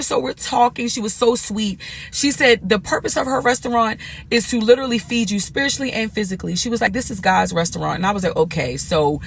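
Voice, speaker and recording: A woman's voice: a little high, a little fast, gravelly, slight background noise. A young adult woman vlogger telling a casual storytime, chatty and slangy, acting out what people said. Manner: animated, chatty, slangy, quotes people in lively voices. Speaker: vlogger and comedian motivator.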